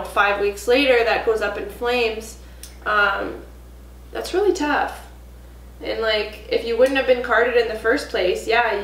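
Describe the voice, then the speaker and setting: A woman's voice: mid-range voice, roomy sound, low-quality recording. A young woman co-hosting a casual couch vlog, chatty and laughing often, with many fillers. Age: young adult. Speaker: vlog co-host, athlete. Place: home living room couch.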